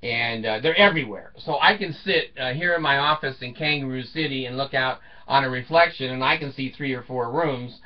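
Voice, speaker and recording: A man's voice: mid-range voice, brisk, few pauses. A man in his seventies telling rambling comic stories, chuckling often and swearing casually. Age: 70s. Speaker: storyteller. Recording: dull lo-fi sound, distant from the mic.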